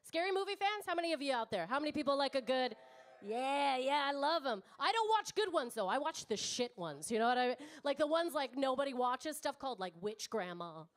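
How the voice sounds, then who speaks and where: A woman's voice: high-pitched, lively intonation, brisk. A woman in her thirties doing stand-up comedy, brash and teasing the crowd, swearing freely. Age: 30s. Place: comedy club stage before a live audience.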